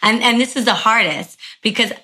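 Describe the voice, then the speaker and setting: Bright, animated chatty woman storyteller. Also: on the high side, normal speed. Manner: animated, chatty, addresses listeners as y'all, many likes. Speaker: podcast host and spiritual practitioner. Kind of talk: casual storytelling chat.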